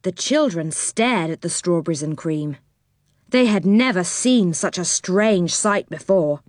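Expressive woman reading a storybook. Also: medium pitch, no room sound, studio quality. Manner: gentle, expressive. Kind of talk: reading a children's storybook aloud.

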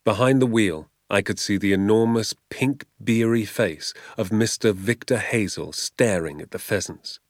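A man narrating a children's novel aloud in a measured, expressive storytelling manner. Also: lowish voice, dry recording, clean studio sound. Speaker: audiobook narrator. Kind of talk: storybook reading.

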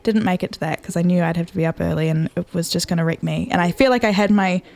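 A woman's voice: lowish voice, quick pace, vocal fry, a little mellow. A woman with a New Zealand accent co-hosting a breakfast radio show, chatting casually and upbeat, weaving te reo Māori greetings into her English.

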